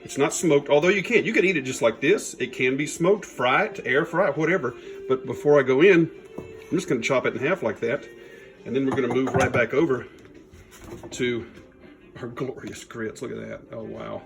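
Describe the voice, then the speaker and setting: A chatty man hosts a home cooking video. His voice sits at an ordinary middle pitch, and he keeps a folksy, upbeat tone. Faint music plays behind him. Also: normal speed, gravelly. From Louisiana. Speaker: cooking channel host. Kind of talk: casual cooking demo. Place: home kitchen.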